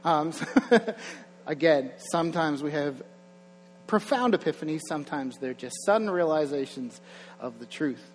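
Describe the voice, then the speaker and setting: A man's voice: fairly high pitch, lively intonation, normal speed. A young man preaching a sermon in a church, conversational, with chuckling asides and rising energy. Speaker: pastor. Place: church sanctuary. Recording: long hall reverb, faint mains hum.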